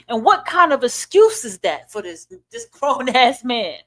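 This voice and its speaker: A woman's voice: a little high, very animated, unhurried. Profane, preachy woman podcast host. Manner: blunt, profane, preachy, with rhetorical questions. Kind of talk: ranting commentary monologue.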